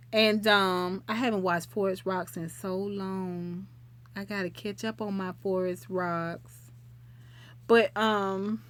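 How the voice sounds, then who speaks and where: Middle-aged woman host, easygoing live chat with viewers, homespun expressions. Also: medium pitch. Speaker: livestream host.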